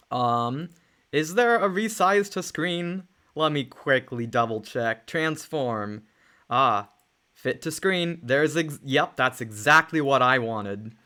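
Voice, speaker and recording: A streamer chatting through a live game stream, moving between excited exclamations and mumbled asides. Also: mid-range voice. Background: faint lo-fi music.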